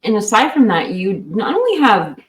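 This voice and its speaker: A woman's voice: medium pitch, big pitch swings, normal speed, a little hiss or hum. A tired woman co-hosting a late-night livestream, chatting in a rambling, supportive way. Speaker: livestream co-host. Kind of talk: casual livestream chat.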